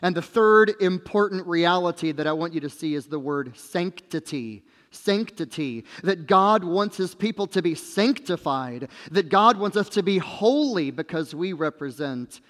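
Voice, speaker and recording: Slow, emphatic preaching man, hall reverb. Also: expressive, a bit bright. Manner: emphatic preaching, slow and deliberate, dropping low at phrase ends. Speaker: pastor. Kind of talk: sermon.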